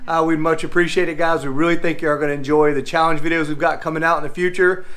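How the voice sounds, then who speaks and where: In his home kitchen, a middle-aged fishing channel host chats upbeat and folksy with viewers during a casual cooking vlog. He talks fast in a high, fairly bright voice with a steady tone.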